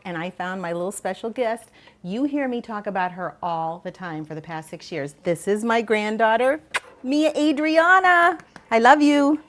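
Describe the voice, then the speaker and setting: Older female cooking host, enthusiastic and chatty, mid-pitched. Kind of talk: cooking demonstration chat.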